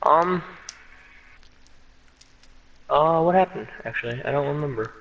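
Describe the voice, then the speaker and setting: A young man casually telling a story while gaming, animated and laughing, mimicking voices. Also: fairly high pitch, a little slow, muffled recording. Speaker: streamer. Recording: distant mic with faint noise.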